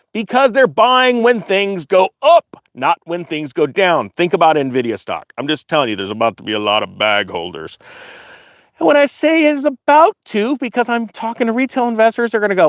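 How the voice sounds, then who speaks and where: Animated high-voiced man. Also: normal speed, no echo. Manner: animated, digressive, jokey asides to viewers. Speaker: finance commentator, channel host. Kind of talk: casual commentary while reading an article aloud.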